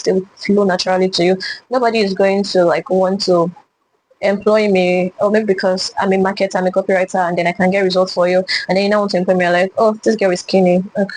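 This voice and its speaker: A woman's voice: mid-range voice, a little mellow, slight background noise, rough recording. A young woman from Nigeria earnestly recounting her personal story, reflective, with frequent fillers and restarts. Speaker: vlogger. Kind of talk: personal testimony to camera.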